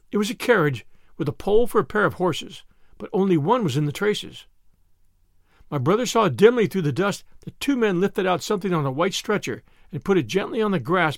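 A man narrating a classic novel as an audiobook, expressive and acting out the shouted lines. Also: fairly high pitch, vocal fry, dry recording, studio quality.

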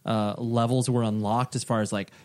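A man's voice: mid-range voice, level tone, normal speed. A man hosting a casual interview, chatty and eager, full of likes and you-knows. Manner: chatty, filler-heavy, eager. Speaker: podcast host.

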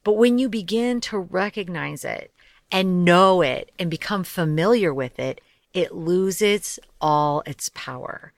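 A woman's voice: lowish voice, slow, dry recording, studio quality. Chatty young woman podcast host. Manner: chatty, animated, laughs often, swears lightly. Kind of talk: casual solo podcast talk.

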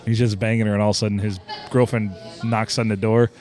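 A man's voice: fairly low pitch, level tone, fast talker, darkish tone, soft background music. A man with a Midwestern American accent co-hosting a podcast, riffing on wordplay and quoting favorite lines in casual chat. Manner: jokey, riffs on wordplay and quotes. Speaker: podcast co-host.

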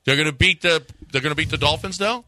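A man's voice: fairly high pitch, quick pace, bright, forceful tone, no echo. A man hosting sports radio, needling his co-hosts in dry banter.

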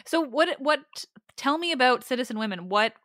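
Bright-voiced woman asking eager questions. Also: high voice, expressive, dry recording, studio quality. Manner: eager, curious, quick questions with restarts. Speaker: podcast co-host. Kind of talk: casual chat.

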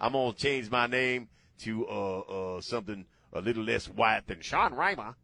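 A man's voice: on the low side, animated, normal speed, creaky, few pauses, pushed and bright, no room sound. Sarcastic male talk radio host. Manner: sarcastic, mocking.

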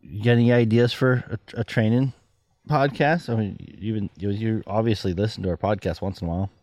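A man's voice: on the low side, fairly even intonation, brisk, darkish tone, dry recording, studio quality. A man hosting a podcast in casual chat, rambling, laughing often and restarting his sentences. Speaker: podcast host.

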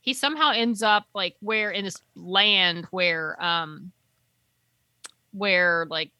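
A woman's voice: fairly low pitch, takes it slowly, pushed and bright, smooth, no echo. A woman in casual chat, recapping a TV episode in a rambling way and trailing off while she hunts for names.

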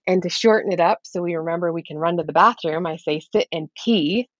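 A woman working as a parenting coach, explaining her method in a steady, instructive way. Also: lowish voice, brisk, no room sound. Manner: steady, instructive, lays out steps. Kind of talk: explaining in an interview. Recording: slightly dull lo-fi audio.

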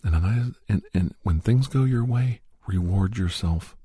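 Breathy half-whispering man. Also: deep voice, measured pace, dry recording. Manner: soft, repetitive, earnest self-talk. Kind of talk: spoken self-affirmations.

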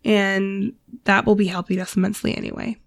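Hoarse, nasal woman podcast co-host. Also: medium pitch, little pitch movement, a little fast, dry recording, clean studio sound. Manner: chatty, rambling, breaks into laughs. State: congested, ragged nasal voice. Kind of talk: casual podcast sign-off chat.

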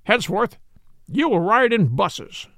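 A man's voice: high-pitched, very animated, measured pace, fairly bright tone, dry recording, clean studio sound, pitched above the performer's own voice, full character voice. A man reading aloud, voicing a proud, haughty male detective in a lofty, theatrical manner. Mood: fierce scorn.

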